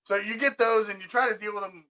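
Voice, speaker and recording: A middle-aged man telling a work story in casual podcast chat, animated and laughing, acting out both sides of conversations. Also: high voice, quick pace, low-quality recording. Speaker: restoration business owner telling stories.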